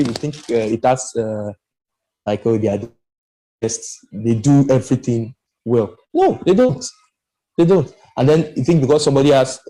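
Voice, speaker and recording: Man, podcast panelist, warm and mellow, emphatic and rambling. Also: medium pitch, poor audio. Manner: animated and emphatic, rambling with restarts. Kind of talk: casual discussion.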